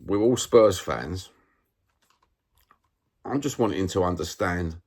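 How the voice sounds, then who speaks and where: A man's voice: deep voice, expressive, slow pace, darkish tone. A man from London with a Cockney accent, talking straight to his viewers in a casual vlog, agitated, repeating himself and firing off rhetorical questions in slangy working-class speech. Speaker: vlogger.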